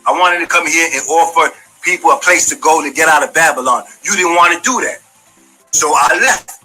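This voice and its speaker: A man's voice: on the high side, a little fast, pushed and bright, soft background music, rough recording. A man giving a heated, profane, confrontational monologue, speaking straight at the person he is calling out. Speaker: former community member giving his side. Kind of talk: heated monologue, addressing someone directly.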